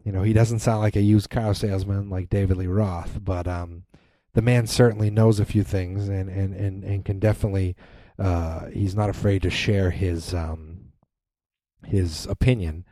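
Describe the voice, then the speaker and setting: A man's voice: deep voice, steady tone, moderate pace, warm tone, no room sound. A man hosting a casual solo podcast, rambling with many restarts and fillers. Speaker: podcast host. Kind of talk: casual monologue.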